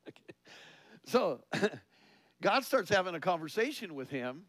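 Lively, chatty preacher man. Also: slow, dry recording. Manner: conversational, laughs often, asks the listeners questions; lively, rises in pitch and volume on key points. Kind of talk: sermon.

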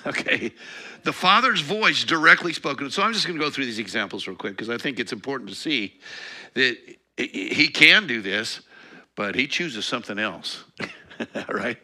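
Bright-voiced man preaching conversationally. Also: medium pitch, expressive, moderate pace. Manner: conversational teaching with laughs and self-corrections. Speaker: pastor. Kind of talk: sermon.

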